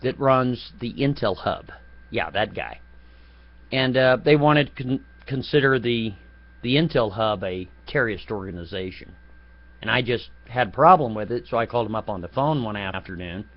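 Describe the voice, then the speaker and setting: A man's voice: medium pitch, expressive, moderate pace. A man telling a rambling, profane story in a rant, laughing at his own jokes. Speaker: vlogger. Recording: dull lo-fi home recording.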